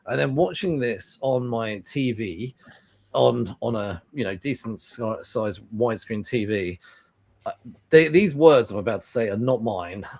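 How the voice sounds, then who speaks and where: A man co-hosting a casual film review podcast, telling lively stories, acting out both sides of conversations and swearing freely. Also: mid-range voice, measured pace, creaky. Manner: animated storyteller who acts out dialogue and swears. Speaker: podcast co-host.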